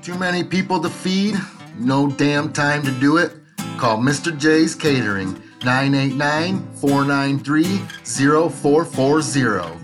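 A man doing a loud hard-sell ad pitch. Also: a little slow, over music, natural voice. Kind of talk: mock radio ad.

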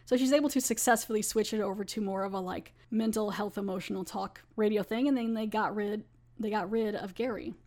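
A woman's voice: mid-range voice, fairly even intonation, fairly quick, a little mellow. A woman podcast host casually recapping a TV episode in a chatty way, with lots of "like".

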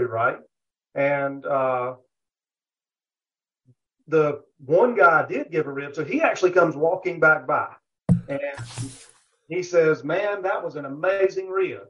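A man's voice: fairly high pitch, a bit bright. A man, a guest on a barbecue podcast, telling a rambling story in a casual interview, full of fillers and asides. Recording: dull lo-fi audio.

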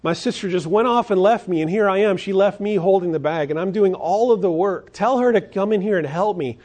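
An indignant, exasperated woman, as a male preacher puts her on, pleads loudly and insistently to be helped. The voice sits noticeably higher than his normal speaking pitch and is pushed louder. She sounds put-upon and sure she is in the right. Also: brisk. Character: exasperated woman complaining she is left alone with the work.

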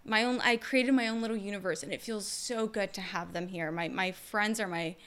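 A young woman who works as a therapist, hosting a podcast in a candid, expressive, slangy way. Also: medium pitch, fairly quick. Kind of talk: casual podcast monologue.

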